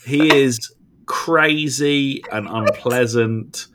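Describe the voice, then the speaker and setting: A man talking in relaxed conversation, with a middle-pitched voice. He tells the story with energy and emphasis. He often stops and restarts his sentences as he chats with his co-host. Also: extremely slow, background noise. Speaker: podcast co-host. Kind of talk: casual chat.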